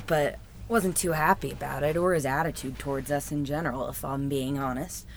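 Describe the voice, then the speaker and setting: A woman's voice: deep voice, fairly even intonation, a little fast, a little hiss or hum. A woman playing a tabletop game, speaking in a frank, plain-spoken way. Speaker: player.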